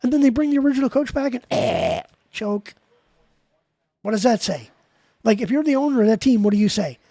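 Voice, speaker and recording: A man's voice: very high voice, expressive, fairly quick, creaky, warm tone, dry recording. A man streaming live, ranting in a heated, profane, rambling way to his chat. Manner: rambling with frequent restarts. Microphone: desk mic while gaming.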